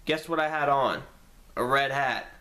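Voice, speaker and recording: A young man telling a story to the camera in a casual, profane way, acting out his own lines with sudden jumps in pitch. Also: a little slow, sharp tone. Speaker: vlogger.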